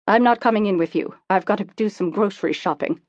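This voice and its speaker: A woman's voice: medium pitch, fast, darkish tone, dry recording, close to an everyday voice. A woman voicing a cold, disapproving middle-aged mother who speaks curtly, on a dull, lo-fi recording. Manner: curt, scolding.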